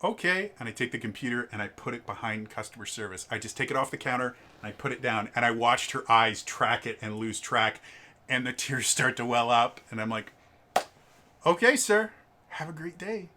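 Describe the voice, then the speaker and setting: A man in his twenties telling an animated, casual story about his old retail job. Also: mid-range voice, a little fast, a little hiss or hum. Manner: animated, lively storytelling with restarts. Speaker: storyteller, former retail tech manager. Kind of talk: casual anecdote.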